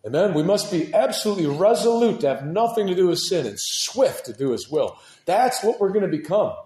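A man's voice: high voice, big pitch swings, brisk. Impassioned male preacher in an echoey room. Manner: impassioned, swings from hushed to shouting; casual slang like dude and man. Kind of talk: sermon.

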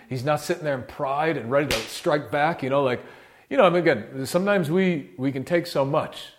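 A man preaching a sermon in a casual, slangy way, dropping to hushed, low murmurs and rising to loud, impassioned peaks.

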